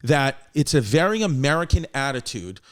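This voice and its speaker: A man in his thirties with a New York accent, hosting a podcast in casual, profane, animated chat and laughing often. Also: mid-range voice, normal speed, clean tone. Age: 30s. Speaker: podcast host.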